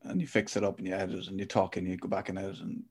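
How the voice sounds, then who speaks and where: A man's voice: low voice, level tone, racing, gravelly, slightly rough. A man hosting a podcast, chatting with a friend in an enthusiastic, teasing, jokey way. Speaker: podcast host. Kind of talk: casual chat.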